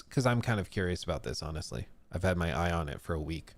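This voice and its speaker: In a dry, studio-quality recording, a low-voiced man speaks fast and animatedly with few pauses. He's a games reviewer hosting a laid-back live stream, rambling with lots of fillers, poking fun at himself, and reading out comments from chat.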